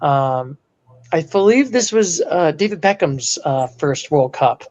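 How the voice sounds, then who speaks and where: A man co-hosting a casual sports podcast, animated and prone to bursts of mock outrage. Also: on the high side, measured pace. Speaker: podcast co-host.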